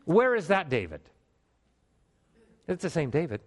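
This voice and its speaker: A man preaching a sermon to a congregation, animated, with emphatic rises and calls for response in a church. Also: on the high side, moderate pace, long pauses. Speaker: pastor.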